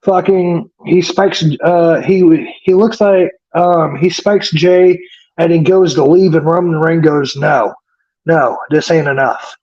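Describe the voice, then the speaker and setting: A man with a high voice recaps a wrestling episode in loose casual chat. He rambles, swears freely and leans on fillers. The recording is dull and lo-fi. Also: fairly even intonation, slow, mellow. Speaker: wrestling podcast co-host.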